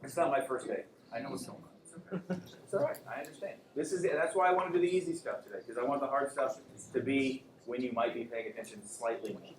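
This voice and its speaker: A man's voice: mid-range voice, quick pace. A man teaching an anatomy class, lecturing casually, joking and quizzing his students. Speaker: anatomy and physiology instructor. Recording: echoey classroom, faint room hum.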